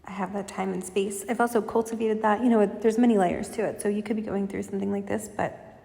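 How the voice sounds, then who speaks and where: A woman gives a relaxed spiritual reading in a soft, meandering way. Her voice is mellow with a gravelly edge and stays fairly flat. The room rings with a long, echoey reverb. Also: medium pitch, fast talker. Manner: meandering, soft-spoken, full of fillers. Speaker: spiritual channel reader. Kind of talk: casual intuitive reading.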